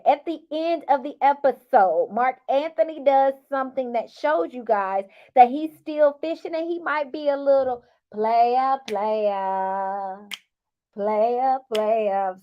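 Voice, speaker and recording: High-voiced woman, sassy recap vlogger, casual and teasing. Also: lo-fi sound. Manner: sassy and animated, teasing asides. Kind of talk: casual chatty commentary.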